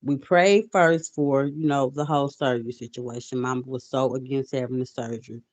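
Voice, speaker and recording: A woman's voice: very deep voice, steady tone, brisk, no room sound. A woman in her forties hosting a casual livestream, telling a personal story, emotional at times and greeting viewers as she talks. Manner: emotional, softening to quiet. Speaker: livestream host. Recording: dull lo-fi audio.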